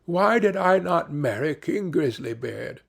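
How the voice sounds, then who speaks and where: A proud, haughty young princess from a storybook, put on by a male reader. She speaks slowly, with a lively swooping pitch. The voice stays husky and gravelly underneath. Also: full character voice. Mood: lamenting.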